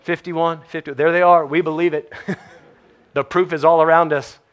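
Animated male preacher, higher voice. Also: normal speed, lo-fi sound. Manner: animated storytelling, acting out quotes, laughs often. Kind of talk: sermon.

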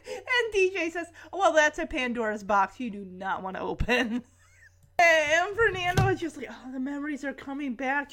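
A woman host retells a sitcom episode in a casual, giggly way. Her voice sits high, and she slips into the characters' lines as she talks. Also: fairly bright tone. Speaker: podcast host.

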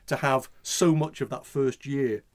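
A man chats casually as a podcast co-host. He rambles and restarts his sentences, filling gaps with "you know" and "I mean," in a voice of middling pitch. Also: unhurried. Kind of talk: casual chat.

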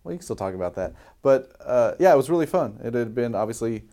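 A man's voice: medium pitch, expressive, quick pace, dark tone. A man co-hosting a casual chat podcast, easygoing and chuckling between remarks. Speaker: podcast co-host, news anchor.

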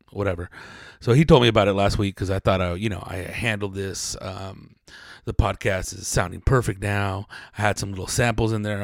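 A man in his forties hosts his podcast in a loose, rambling way, swearing easily as he drifts from one story to the next. His voice sits low and has a gravelly edge. The sound is dry and close, with no room echo. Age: 40s. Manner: rambling, profane, laid-back storytelling. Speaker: podcast host. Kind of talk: casual podcast chat.

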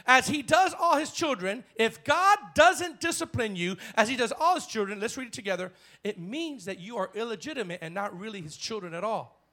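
A male pastor preaching a bold sermon in church, swinging from shouted lines to hushed ones. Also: high voice, expressive, brisk, few pauses.

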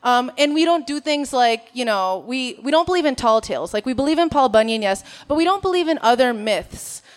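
A woman's voice: sits high, lively intonation, brisk. A stand-up comedian from Minnesota, a woman, nervous on stage and chatting to the crowd in a self-mocking way. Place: on stage at a live show.

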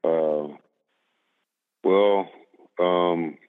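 A man calling into a sports talk show, speaking haltingly and filling his sentences with "you know" and "um.". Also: low voice, fairly even intonation, clean tone. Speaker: caller. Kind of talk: casual sports chat. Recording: tinny phone line.

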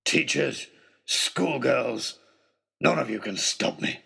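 Man putting on a snarling brutal villain, gravelly, husky, low and menacing, storybook bad guy. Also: a little slow, a bit bright, exaggerated voice. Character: savage murderous adult male villain.

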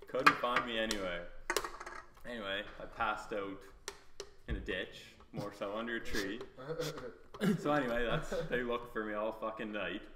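A man's voice: on the low side, steady tone, normal speed, long pauses. Young man, rambling laughing storyteller, lots of swearing, echoey noisy room. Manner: rambling, laughing, heavy swearing, quotes himself. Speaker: podcast guest. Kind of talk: casual storytelling. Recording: echoey room, background noise.

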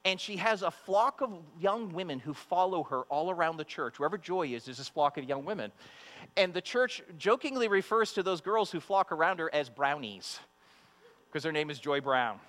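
A man's voice: a little high, animated, normal speed, a bit bright. A man preaching a sermon to the women of a congregation, emphatic and fond of repeating his phrases. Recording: long hall reverb with mains hum.

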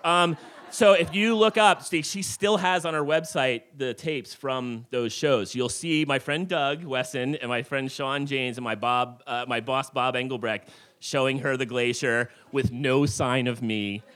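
A man's voice: medium pitch, measured pace. A middle-aged man telling a rambling true story to a live audience in a tavern, with lots of fillers. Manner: animated, rambling with many fillers.

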